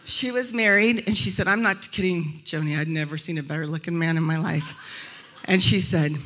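Husky-voiced woman telling funny faith stories. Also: fairly low pitch, normal speed. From Arizona, USA. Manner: lively storytelling, acting out quoted voices. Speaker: speaker at a Christian event. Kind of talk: humorous faith talk to a live audience. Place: event room in a hotel.

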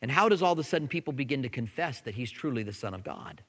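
A man pastor preaching a sermon in a conversational way, at times dropping to soft, intense tones. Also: mid-range voice, lively intonation, quick pace, in a large hall.

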